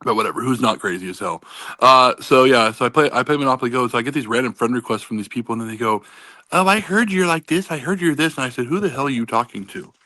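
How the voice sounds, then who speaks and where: Bright, rambling man on a panel. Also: mid-range voice, very fast, no room sound. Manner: rambling, profane, many restarts. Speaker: panel guest. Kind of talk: casual online panel chat.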